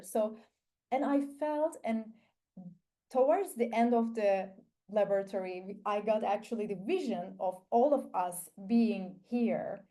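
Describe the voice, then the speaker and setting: A woman with a manner, sharing a personal testimony at an online forum, earnest and reflective with frequent pauses. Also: fairly high pitch, dark tone. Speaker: forum speaker.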